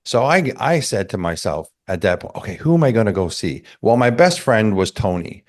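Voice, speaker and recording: A man telling a personal story in a casual chat, animated and acting out the quotes. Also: fairly low pitch, moderate pace.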